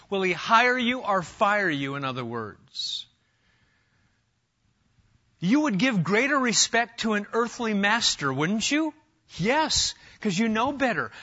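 A man preaching an animated sermon in a church, acting out quoted voices as he goes. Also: a little high. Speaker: pastor. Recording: dull lo-fi sound.

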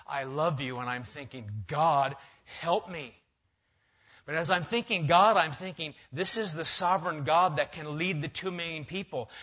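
Male pastor, slightly higher voice, emphatic sermon delivery, muffled recording. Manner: emphatic, rising to loud stresses then dropping quiet. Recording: dull lo-fi sound.

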